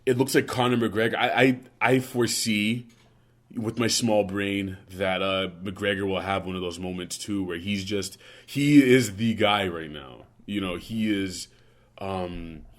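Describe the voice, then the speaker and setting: A man's voice: on the low side, unhurried. A young man hosting a podcast, rambling in casual banter, jokey and profane. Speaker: podcast host.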